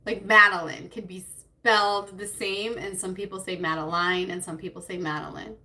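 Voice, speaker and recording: A woman's voice: mid-range voice, steady tone, normal speed, sharp tone. A woman hosting a casual beauty live stream, chatty and a little scattered, greeting viewers by name and laughing nervously. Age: adult with a child. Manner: nervous, self-conscious laughter. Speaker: beauty livestream host.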